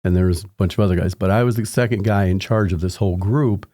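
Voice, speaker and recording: A man's voice: low voice, fast talker, mellow, no echo, studio quality. A man in his sixties, a podcast guest telling long anecdotes in a casual interview, rambling with restarts. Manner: rambling anecdotes with frequent restarts, acting out quoted people in raised voices. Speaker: podcast guest, home inspector.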